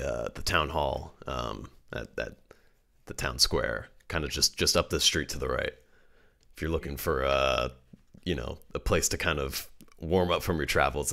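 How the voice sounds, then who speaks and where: A man's voice: rumbling low, creaky, bright, forceful tone. A man narrating as game master, rambling with many fillers and restarts. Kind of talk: improvised tabletop narration.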